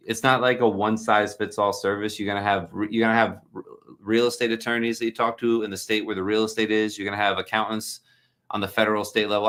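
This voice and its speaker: Man, low voice, casual livestream host, chatty, joking, rambling, fillers. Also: fairly bright tone. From New Jersey. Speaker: host answering viewer questions.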